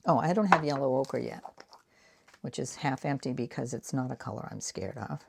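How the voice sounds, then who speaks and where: A woman's voice: rumbling low, moderate pace, creaky, darkish tone, a little hiss or hum. A woman in her sixties with a Boston accent, chatting casually and rambling while she makes art prints. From Boston area. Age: 60s. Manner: rambling, self-deprecating, talks while painting. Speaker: art vlogger. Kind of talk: casual craft chat while working.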